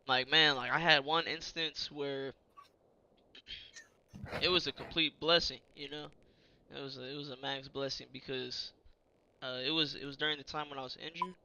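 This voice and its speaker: A young man casually telling an army story to a friend, animated, with many fillers, acting out the shouted quotes. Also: medium pitch, normal speed, long pauses, slight background noise, rough recording.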